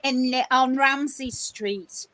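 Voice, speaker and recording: A woman's voice: high voice, takes it slowly, sharp tone, poor audio. A woman chatting casually who hesitates and searches for her words. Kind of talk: casual chat.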